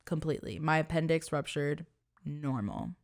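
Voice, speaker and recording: Animated and speaking at a moderate pace with some vocal fry, this young female podcast co-host shares a personal story in relaxed conversation. She's earnest, uses lots of fillers, and softly lowers her voice as she relives being afraid.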